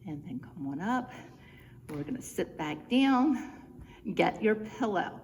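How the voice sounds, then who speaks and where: A woman's voice: medium pitch, animated, slow pace, darkish tone. A woman fitness instructor talking viewers through simple home exercises, chatty and encouraging, a bit out of breath from moving along with them. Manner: encouraging, chatty, cueing moves step by step. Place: church room, indoors. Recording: reverberant room with faint background noise.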